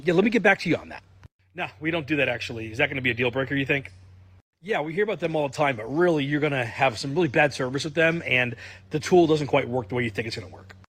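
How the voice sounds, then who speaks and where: A man playing a sales rep in a demo video, acting out a sales call as a rapid role-play. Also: fairly high pitch, expressive, fairly bright tone, slightly rough. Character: male sales rep, eager then confident.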